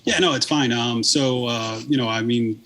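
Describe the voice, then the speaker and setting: A man's voice: medium pitch, moderate pace, a bit bright. A man in his thirties, a podcast guest, telling a long story in casual, rambling talk full of swearing and fillers.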